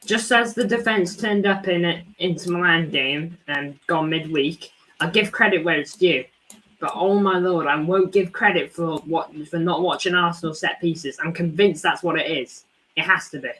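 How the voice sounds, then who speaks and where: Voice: mid-range voice, moderate pace, sharp tone, poor audio. A football fan hosting a live watchalong stream, ranting in frustration with many rhetorical questions and repeated points. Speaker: fan channel host.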